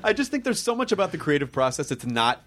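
A man from the United States hosts a relaxed chat, his voice rising and falling a lot as he tells stories. He laughs often and keeps the talk light and casual. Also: on the high side, fast, very noisy. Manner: animated storyteller, laughs often. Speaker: podcast host. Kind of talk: casual conversational interview.

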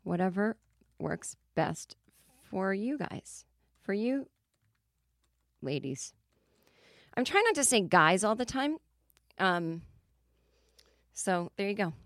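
A woman's voice: mid-range voice, sing-song, a bit bright, no room sound. Rambling woman comic, dry close sound. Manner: rambling, self-interrupting storyteller with quick asides. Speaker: podcast host. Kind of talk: casual comedic monologue.

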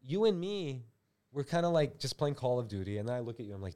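A man's voice: medium pitch, brisk. A man co-hosting a comedy podcast, joking around in casual chat. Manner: animated, jokey, drops into mocking impressions. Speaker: podcast co-host.

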